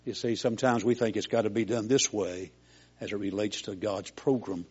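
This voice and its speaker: A man's voice: fairly low pitch, steady tone, normal speed, husky, lo-fi sound. An older man preaching a sermon in a folksy, homespun storytelling way, as a preacher.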